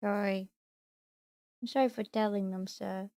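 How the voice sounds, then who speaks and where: A woman streaming from home, chatting casually and cooing to her pet in soft baby talk. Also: medium pitch, steady tone, a little slow, dry recording. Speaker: VTuber streamer.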